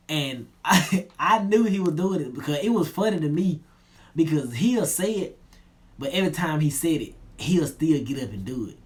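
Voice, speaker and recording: A man's voice: animated, normal speed. Laid-back young man telling a story. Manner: laid-back slangy retelling, drops low and quiet at line ends. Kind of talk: casual storytelling.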